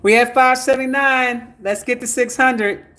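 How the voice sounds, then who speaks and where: A man's voice: very high-pitched, steady tone, normal speed, sharp tone. A man hosting a spiritual livestream, reading out viewer comments and urging people to like, share and donate. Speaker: spiritual teacher.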